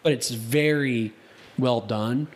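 A man's voice: medium pitch, slow pace. A man co-hosting a casual podcast in a studio, telling stories in a rambling way with many restarts. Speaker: podcast co-host.

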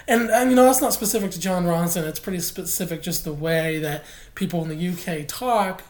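A woman co-hosts a casual podcast with a fairly low voice. She talks in an opinionated, animated way and laughs easily. She sounds like she is in an echoey room. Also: a little fast. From Oklahoma. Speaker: podcast co-host. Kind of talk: casual chat.

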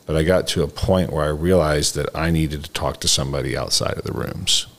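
A man's voice: a bass voice, brisk. An older man hosting a podcast, telling a personal story in a candid, rambling way and acting out quotes in a raised voice. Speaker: podcast host. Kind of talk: casual storytelling chat.

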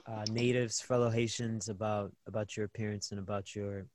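A man interviewing a guest over a video call in a relaxed, supportive way, with many hesitant fillers. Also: lowish voice, brisk, no echo.

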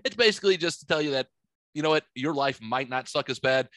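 Bright-voiced profane podcast host man. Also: fairly high pitch, fast talker, dry recording. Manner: profane, rambling storyteller. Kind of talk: casual podcast chat. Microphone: studio microphone.

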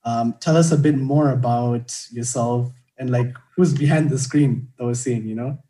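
A man's voice: medium pitch, moderate pace, warm tone. A young man hosting a podcast, chatting casually and laughing often. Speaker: podcast host.

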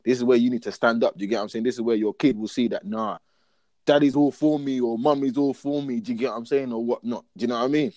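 A man's voice: medium pitch, quick pace, no echo. Slangy young man, dry mic. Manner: slangy, keeps asking "do you get what I'm saying"; animated storyteller, acts out his own lines. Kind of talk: casual podcast chat.

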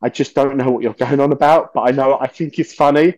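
A man, a podcast guest telling stories in a lively, swearing way and acting out the voices of people he quotes. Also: medium pitch, fast talker, dry recording. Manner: animated, swears often, acts out quoted voices. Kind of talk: casual storytelling interview.

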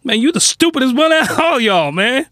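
A man's voice: extremely high pitch, sing-song, fairly quick, bright, forceful tone, no room sound, clean studio sound, voice pushed up, exaggerated voice. A man putting on a young female teacher who insults her class in mocking, exaggerated slang. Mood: scolding.

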